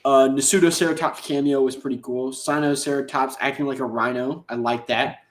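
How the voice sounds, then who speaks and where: A podcast host gives a loose, slangy recap of an episode, jumping into the characters' lines as he goes. His voice sits at a middle pitch. The room around him is echoey. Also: fairly even intonation, brisk.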